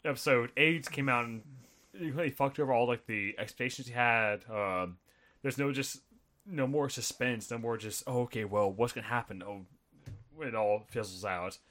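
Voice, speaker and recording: A man in casual chat about films, easygoing and explaining his take in quick bursts. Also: mid-range voice, a bit bright.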